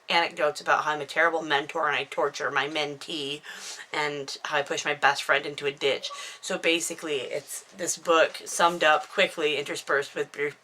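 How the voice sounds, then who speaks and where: Rambling, self-mocking woman with a low, bright voice. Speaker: author recapping her own book. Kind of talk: casual chatty book recap to camera. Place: at home indoors, dog nearby. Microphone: camera microphone.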